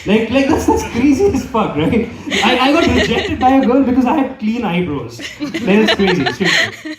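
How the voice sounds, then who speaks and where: A man's voice: very high voice, very animated, normal speed, a loud crowd. A young man doing a stand-up comedy set in a club, rambling and asking "okay?" after nearly every line. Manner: rambling, repeats "okay?" often. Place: comedy club hall with live audience. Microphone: handheld microphone. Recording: roomy hall, distant mic.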